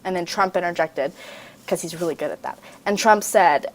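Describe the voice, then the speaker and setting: A woman's voice: on the low side, normal speed. Woman, Southern US accent, podcast host, casual chat, swears freely, rambling asides, frequent ums.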